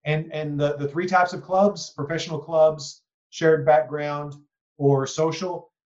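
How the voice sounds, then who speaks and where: A man's voice: on the high side, level tone, unhurried, a little mellow, muffled recording. Rambling reflective male podcast host. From East Texas. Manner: reflective, rambling, many "you know"s and "right?". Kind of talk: conversational interview.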